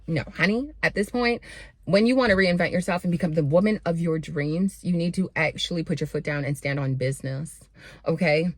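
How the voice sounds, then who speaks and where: A young woman talks straight to her viewers in a blunt, sassy motivational pep talk and calls them honey and babe. Her voice sits a little low. The sound is dry and close, with no room echo. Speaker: self-improvement vlogger.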